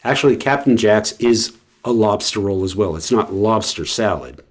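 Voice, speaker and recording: A man with a deep, somewhat husky voice talks casually to the camera. He rambles along, stopping often for ums and uhs and starting his sentences over. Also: lively intonation, normal speed. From West Coast of the US. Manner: rambling, with many fillers and restarts. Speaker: vlogger.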